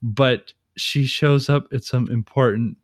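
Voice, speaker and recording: A man co-hosting a casual chat, laughing often and retelling movie scenes with quick voices for the characters. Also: medium pitch, no room sound, clean studio sound. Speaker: podcast co-host.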